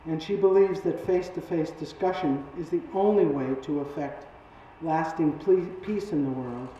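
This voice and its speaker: Halting man introducing a speaker, far off-mic. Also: fairly high pitch, warm tone, a little hiss or hum. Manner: halting, with many fillers. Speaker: event host introducing the speaker. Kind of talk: formal introduction. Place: large lecture hall. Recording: echoey, dull hall recording from off-mic.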